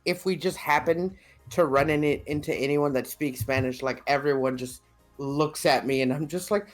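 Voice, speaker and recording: A man's voice: a little high, steady tone, moderate pace, soft background music. A man co-hosting a podcast in casual chat, joking, swearing often and laughing through his lines. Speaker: podcast co-host.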